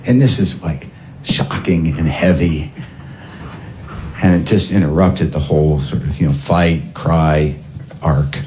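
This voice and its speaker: Animated stand-up comic man. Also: a little slow, long pauses, slight background noise. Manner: animated, acts out voices with big pitch jumps. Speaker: stand-up comedian. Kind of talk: stand-up storytelling. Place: comedy club stage with audience.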